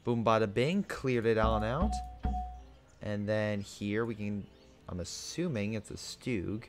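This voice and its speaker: A man's voice: on the low side, expressive, slow pace. A young man giving casual commentary on his strategy game, thinking aloud as he orders his units about. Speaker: gaming video host. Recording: game music behind the voice.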